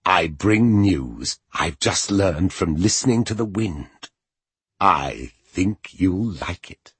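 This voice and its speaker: A man doing a sly, hushed schemer. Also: sits low, lively intonation, slow, breathy edge, no echo, exaggerated voice. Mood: courtly. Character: cunning, scheming male sorcerer, cold and calculating.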